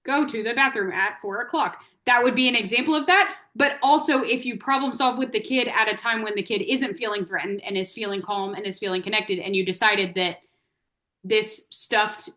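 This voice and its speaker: A woman's voice: medium pitch, fairly even intonation, normal speed, bright, forceful tone. A woman occupational therapist answering questions in an online workshop, explaining with everyday examples over a video call.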